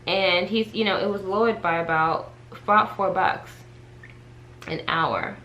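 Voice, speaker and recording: A woman vlogger chatting to her viewers in a casual storytime, animated and talkative as she addresses them directly. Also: medium pitch, a little slow, slight background noise, poor audio. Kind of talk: casual storytime chat to camera.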